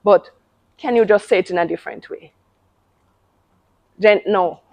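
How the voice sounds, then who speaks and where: A woman's voice: medium pitch, a little slow, darkish tone. A woman hosting a casual talk on parenting, speaking emphatically and often repeating words. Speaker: parenting channel host.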